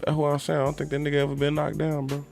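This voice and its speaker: Co-hosting a podcast, a man chats casually about boxing in rapid-fire, creaky speech over soft background music. He's animated and heavy on slang, swears freely, and mimics people in a high voice.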